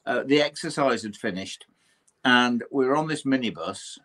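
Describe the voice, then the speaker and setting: An older Englishman, a historian and paranormal investigator, tells a personal ghost story in an interview, his mid-range voice expressive and a bit bright at a normal speed. It's animated conversational storytelling: he acts out the voices of the people involved and swears mildly now and then.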